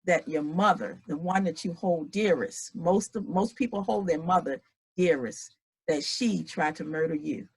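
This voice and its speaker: A woman hosting an interview, asking gentle, hesitant questions. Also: fairly low pitch, normal speed, husky, poor audio. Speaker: interviewer, host.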